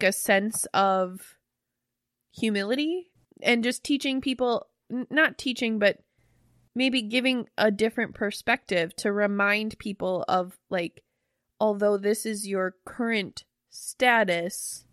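An excitable young woman co-hosts a casual conversation, jumping in with curious questions. Her voice sits at a middling pitch and is recorded close and dry, without any room sound. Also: no room sound. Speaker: podcast co-host. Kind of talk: casual chat.

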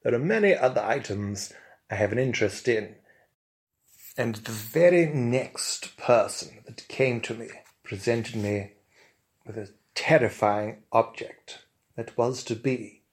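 A man improvising a comic tale in a pompous, plummy, mock-grand manner, chuckling through his lines. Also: medium pitch. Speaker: comic storyteller.

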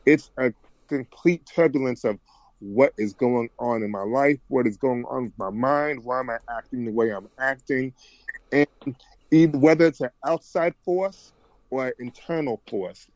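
A man's voice: mid-range voice, normal speed, a little mellow, no room sound. A man guest on a podcast, talking in a reflective, rambling way with frequent restarts. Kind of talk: casual conversation.

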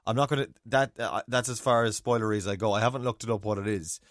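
A man's voice: on the low side, fast talker, a bit bright, no room sound, studio quality. A man co-hosting a casual chat, rambling and self-correcting with enthusiasm. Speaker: podcast co-host.

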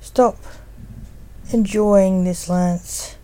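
A woman's voice: medium pitch, steady tone, extremely slow, warm tone. Woman reading as a stern, bossy grim reaper. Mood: stern, dry.

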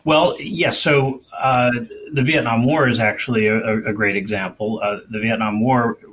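A man on a political discussion panel, speaking in a measured, analytical way. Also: medium pitch, fairly even intonation, a bit bright, a little hiss or hum, poor audio.

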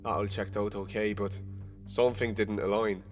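A young man narrating a rhyming spoken-word story, casual and profane, moving between hushed and heated. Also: fairly low pitch, level tone, normal speed, soft background music. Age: young adult.

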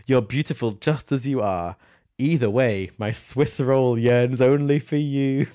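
Guy doing a big tender baker lover, slow low breathy voice, comic fanfic read. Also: dark tone, close to an everyday voice. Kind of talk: comic fan fiction reading.

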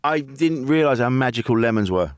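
A man's voice: mid-range voice, expressive, a little fast, smooth, no echo, clean studio sound. A man hosting a podcast in casual chat, chatty and swearing freely, with many restarts. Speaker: podcast host.

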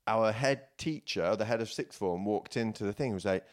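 A man's voice: lowish voice, brisk. A man from England co-hosting a podcast, telling a school anecdote in casual chat and acting out the people in it. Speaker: podcast co-host.

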